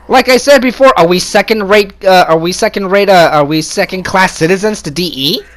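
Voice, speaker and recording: A man with a high, slightly bright voice rants angrily on video at a somewhat fast clip with few pauses, caught on a console capture mic. The gamer swears constantly, repeats himself and turns sarcastic as he complains in this heated, profane tirade.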